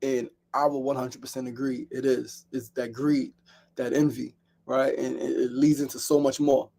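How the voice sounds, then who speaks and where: A man's voice: medium pitch, little pitch movement, moderate pace, creaky, warm tone. A man hosting a daily show, speaking candidly in a reflective solo monologue and often repeating himself. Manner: candid, repetitive, storytelling with acted quotes.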